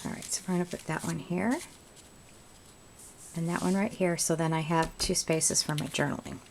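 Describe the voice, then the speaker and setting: Chatty woman with a gravelly low voice. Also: steady tone, normal speed, a little hiss or hum. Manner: chatty, thinks aloud while working. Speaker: crafting video host. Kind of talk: casual craft tutorial chat. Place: home craft room.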